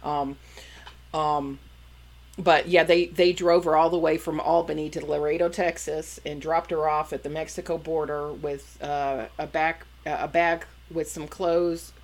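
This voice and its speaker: Low-voiced woman telling a story. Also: flat delivery. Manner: loose, halting storytelling with fillers and restarts. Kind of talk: casual chat.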